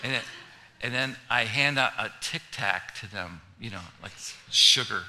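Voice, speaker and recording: Bright-voiced preacher. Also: male voice, medium pitch, normal speed. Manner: conversational, humorous, rising to loud emphatic preaching. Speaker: pastor. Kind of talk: sermon.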